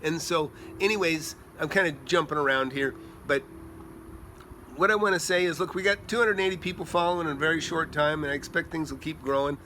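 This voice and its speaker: A middle-aged man telling rambling, animated stories as a real estate investor, chatting casually outdoors by a pool at night. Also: on the high side, a little fast, slight background noise. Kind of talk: casual storytelling vlog.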